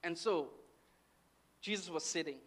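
A man's voice: a little high, measured pace. A man from Guyana preaching a sermon, often asking "amen?" and "right?" to check in with the congregation. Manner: lively, with call-and-response "amen" and "right" checks.

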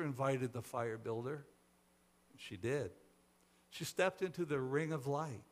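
A man's voice: on the high side, unhurried. A man preaching a sermon, telling a parable and acting out its voices. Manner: acts out the characters' voices in a parable. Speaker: pastor. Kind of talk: sermon storytelling.

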